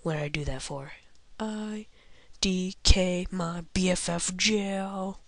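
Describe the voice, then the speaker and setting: A woman's voice: on the low side, fairly even intonation, slow, fairly bright tone, no echo. A young woman giving goofy, rambling commentary over a video game, often murmuring half under her breath. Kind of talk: casual let's-play commentary.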